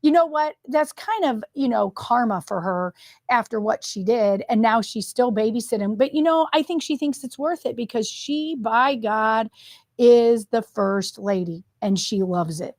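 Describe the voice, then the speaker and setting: A woman's voice: on the high side, a little slow, darkish tone, no echo, clean studio sound. A woman co-hosting a political podcast, agreeable and mocking in tone. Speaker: podcast co-host. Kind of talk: casual political chat.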